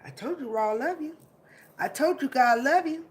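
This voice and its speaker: High-voiced woman giving an emotional pep talk. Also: moderate pace, a little hiss or hum. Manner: animated, laughing often, swearing, hyped. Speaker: vlogger. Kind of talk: emotional motivational monologue.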